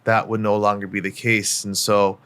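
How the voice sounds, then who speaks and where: Telling his life story as a guest in a casual podcast interview, this middle-aged man is candid and reflective and uses lots of fillers. He speaks at normal speed in a lowish, clean, slightly bright voice with little pitch movement.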